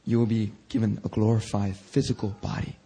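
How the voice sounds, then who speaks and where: A man preaching a lively sermon in church, acting out quoted voices with slangy asides and a husky edge. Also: fairly low pitch, brisk. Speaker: pastor.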